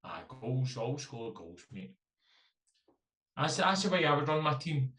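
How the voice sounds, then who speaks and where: A man's voice: medium pitch, big pitch swings, measured pace, fairly bright tone, roomy sound, far from the mic. A Scottish man co-hosting a casual football podcast, joking around, swearing and calling everyone mate. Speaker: co-host.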